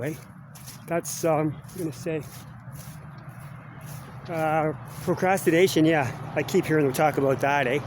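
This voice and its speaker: Speaking on the high side with a steady tone, a little slowly and with frequent pauses, a middle-aged Canadian man vlogs while walking around school grounds outside. His chat is rambling and casual, with "eh?" ending his phrases, over background noise.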